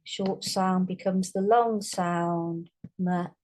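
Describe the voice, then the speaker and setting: A woman giving a phonics lesson, slowly sounding out and stretching each word for young readers. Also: on the low side, steady tone, a little mellow. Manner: slow, drawn-out sounding out of words. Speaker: teacher.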